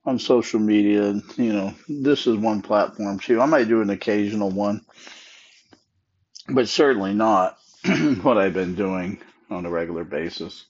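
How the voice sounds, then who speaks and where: A man's voice: fairly low pitch, normal speed, a little mellow, slightly rough, muffled recording. A sleepy man talking on a casual solo podcast, yawning and rambling with many fillers. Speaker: podcast host.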